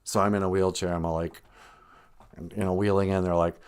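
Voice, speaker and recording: Deadpan rambling comedy podcast man. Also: low voice, a little fast, clean tone. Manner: rambling, deadpan, mock-earnest. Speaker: podcast host. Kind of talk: deadpan satirical comedy monologue.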